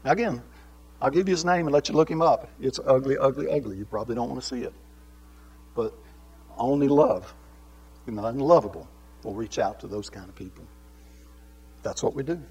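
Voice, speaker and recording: A man teaching a Bible lesson in sermon style, swinging between raised, emphatic preaching and quiet asides, with many rhetorical questions to his listeners. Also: mid-range voice, animated, brisk, long pauses, breathy edge, low-quality recording.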